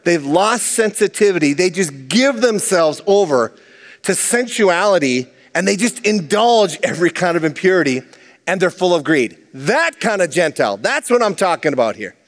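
Male pastor, high voice, lively conversational sermon, big hall reverb. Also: normal speed. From Minnesota, USA. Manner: animated, conversational preaching with asides.

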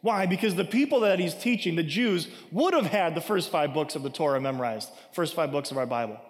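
Male pastor, higher register, casual emphatic sermon delivery with lots of "right?", long hall reverb. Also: lively intonation, fairly quick. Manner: conversational preaching with frequent "right?" asides; emphatic, acts out scripture quotes.

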